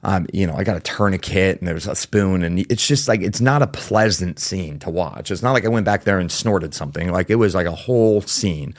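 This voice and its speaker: A man's voice: low-pitched, a little fast, few pauses, dry recording, clean studio sound. A man as a podcast guest, telling his story candidly and casually, with plenty of fillers and the odd swear word.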